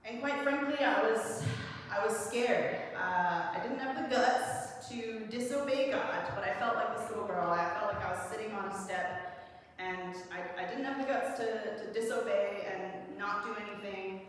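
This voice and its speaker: A young woman tells a personal story from the pulpit in a relaxed, animated way. She sits at a middle pitch. She is picked up from a distance, with long reverb from a large church hall. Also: normal speed. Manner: casual, animated storytelling with quoted dialogue. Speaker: preacher.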